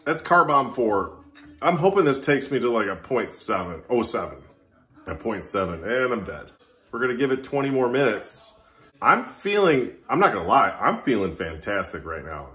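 A man's voice: medium pitch, very animated, normal speed, bright, forceful tone. A man vlogging casually to camera, chatty and self-mocking as he talks to himself. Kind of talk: casual drinking vlog. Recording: echoey room with music behind. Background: Irish music playing.

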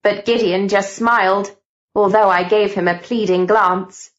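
A woman narrating an audiobook with clear, steady storytelling. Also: medium pitch, measured pace, highs cut off. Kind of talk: scripted narration.

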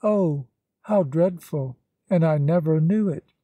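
A man reading the lines of an earnest young woman in a storybook, speaking plainly and gently. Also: fairly high pitch, slow pace, dry recording, phone-quality sound. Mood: tender.

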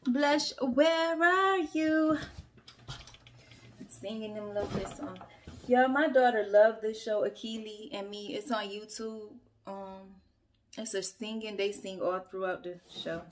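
A woman filming a relaxed get-ready-with-me at home, chatting straight to her viewers and poking fun at her own slip-ups. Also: mid-range voice, measured pace, a little hiss or hum. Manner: chatty and self-mocking, talks straight to viewers. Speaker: beauty vlogger and mother. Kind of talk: casual get-ready-with-me chat. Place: at home, upstairs room.

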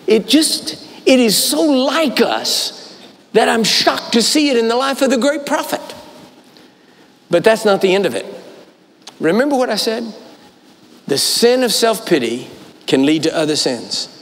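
Animated preacher in a reverberant hall. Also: male voice, extremely high pitch, measured pace, pauses often. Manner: dramatic storytelling, voicing characters; emphatic repetition. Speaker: guest preacher. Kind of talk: sermon. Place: large church auditorium.

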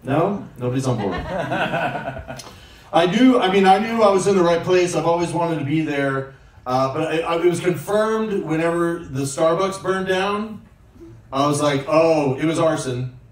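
A man's voice: on the high side, animated, normal speed. A man doing a profane, sarcastic stand-up set, ranting on stage before a live audience. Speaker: stand-up comedian. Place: comedy club stage with audience. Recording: live room echo, distant mic, crowd. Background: audience laughter.

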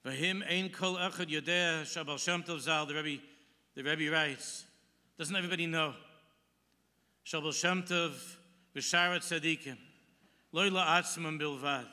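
A man's voice: fairly high pitch, fairly even intonation, measured pace, bright, forceful tone. A man giving a sermon as a rabbi, telling a story and quoting Hebrew texts with English translation. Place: large synagogue hall. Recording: long hall reverb.

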